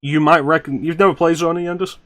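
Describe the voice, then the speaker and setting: A man's voice: on the high side, fairly even intonation, fast talker. A man co-hosting a casual streamed chat, wry and joking as he plans a script reading. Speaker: podcast co-host.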